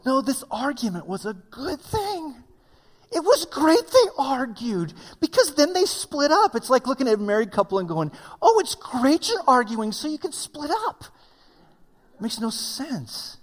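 A man preaching a sermon as pastor, telling the story in a conversational, animated way. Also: sits high. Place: church sanctuary. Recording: long hall reverb.

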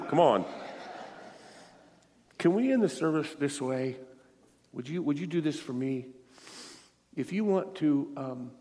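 A middle-aged male preacher tells a story to his congregation in an earnest, pleading way, his voice near tears. His voice sits at an ordinary pitch. The sound rings out with a long church reverb. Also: darkish tone. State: tearful. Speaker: guest preacher. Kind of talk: emotional sermon. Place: church sanctuary.

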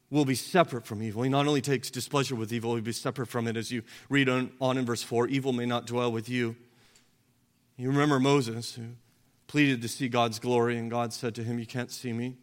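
A man preaching a sermon as pastor, earnest and direct, asking the listeners questions and swinging between loud emphasis and quiet, low delivery. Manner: earnest preaching with rhetorical questions, rising and dropping in force. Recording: long hall reverb.

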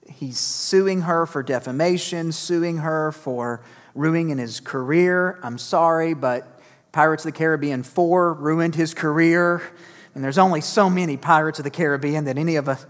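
A man's voice: a little high, normal speed. A male pastor delivers a fired-up sermon, driving points home through repetition and breaking off for self-mocking asides. His voice rings out with the long reverb of a church hall. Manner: energetic, emphatic repetition with self-deprecating asides. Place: church sanctuary.

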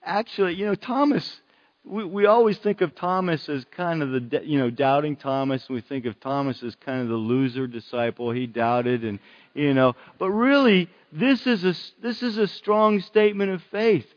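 A man's voice: a little high, moderate pace, muffled recording. A man preaching a sermon in an earnest way, repeating phrases for emphasis.

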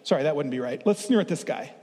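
A middle-aged pastor with a high-pitched voice leads an interactive sermon, playful and drawing his congregation in. His words ring out with a long reverb through a church sanctuary. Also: lively intonation, fast talker, dark tone.

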